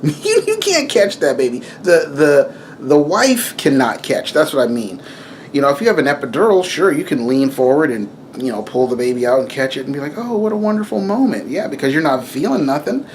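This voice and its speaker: A young man giving a casual spiritual talk to camera, rambling and animated, with frequent asides and self-corrections. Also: medium pitch, a little fast, a little hiss or hum. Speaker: video preacher.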